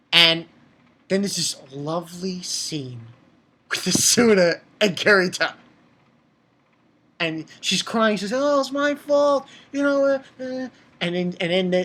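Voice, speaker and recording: With a high-pitched voice, a man casually and eagerly goes over an anime episode. He swears along the way and keeps stumbling through fillers and restarts.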